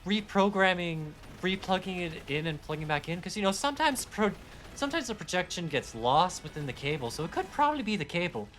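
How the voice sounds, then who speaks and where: A man voicing a fussy British know-it-all in a British accent, explaining tech in a high, lecturing voice. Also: sing-song, a little fast, a bit bright, a little hiss or hum.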